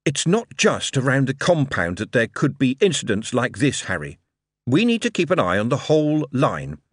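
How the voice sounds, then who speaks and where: A man's voice: medium pitch, wildly swooping pitch, normal speed, slightly rough, no room sound, clean studio sound. A man voicing a glib, charming male showman who talks in a persuasive, theatrical, emphatic way. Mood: earnest.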